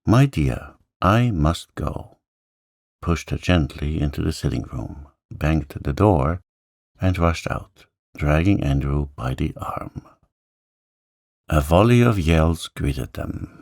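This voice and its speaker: A man reading a storybook aloud in a calm, gentle sleep-story manner. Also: vocal fry, no room sound, studio quality. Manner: gentle, slow, lifts pitch for characters' lines.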